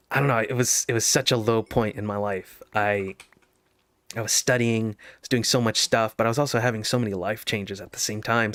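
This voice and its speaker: A man's voice: lowish voice, a bit bright, no echo. A man telling a casual story over gameplay, laughing often and restarting his sentences.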